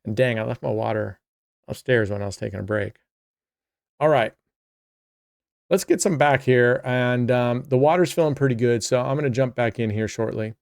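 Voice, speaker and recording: A man's voice: medium pitch, moderate pace, creaky, pauses often, no echo, studio quality. A man hosting a casual play-by-play of his own online roulette session, chatty and talking to himself and to viewers. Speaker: host.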